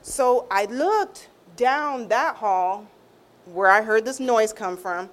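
Animated woman telling her testimony. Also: a little high, slow. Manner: animated storytelling, acts out quotes in raised tones. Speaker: guest sharing a testimony. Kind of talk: emotional personal testimony.

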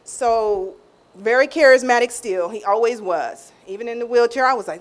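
A middle-aged woman sharing an emotional faith testimony in a casual, expressive way, often restarting phrases and acting out what others said. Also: moderate pace. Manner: expressive, acts out quoted voices with big pitch swings; informal, repeats and restarts phrases. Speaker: guest sharing a personal testimony.

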